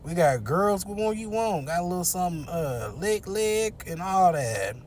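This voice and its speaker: A man's voice: high-pitched, animated, normal speed, darkish tone, slight background noise, voice pushed up. A man doing a hyped party-boy buddy. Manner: hyped, slangy urging. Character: pushy partying male friend.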